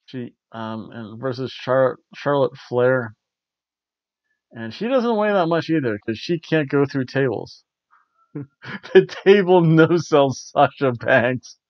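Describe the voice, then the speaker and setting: A man's voice: mid-range voice, expressive, slow, no echo, muffled recording. A man hosting a casual spoken review. He rambles, corrects himself and chuckles often. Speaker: host of a wrestling review show.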